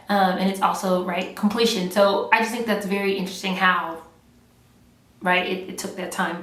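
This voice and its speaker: A woman chatting casually while doing her makeup, rambling and filling her talk with "like" and "right.". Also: mid-range voice. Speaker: beauty vlogger. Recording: echoey room, mic at a distance.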